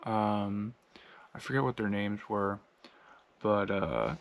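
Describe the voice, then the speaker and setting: A man's voice: lowish voice, slow pace, gravelly. A man from the United States casually telling a travel story, rambling with lots of fillers and laughing as he goes. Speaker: long-distance walker vlogging.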